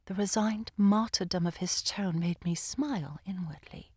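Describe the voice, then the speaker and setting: A woman narrating an audiobook in the first person, with an expressive, lively delivery. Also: lowish voice, normal speed, hardly any pauses, slightly rough, no echo, studio quality. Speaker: audiobook reader. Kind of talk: scripted narration.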